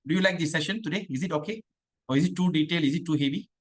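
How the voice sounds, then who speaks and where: Male teacher, fairly high voice, chatty devotional class, slow chanted verses. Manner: sings verses slowly in a chant; chatty, asks the class questions. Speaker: spiritual teacher.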